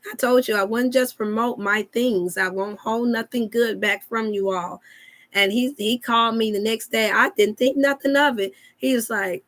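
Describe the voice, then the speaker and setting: A woman's voice: a little high, fairly even intonation, moderate pace, a bit bright. A woman hosting a casual wellness live chat, talking to viewers in a folksy, preachy way. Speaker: wellness show host.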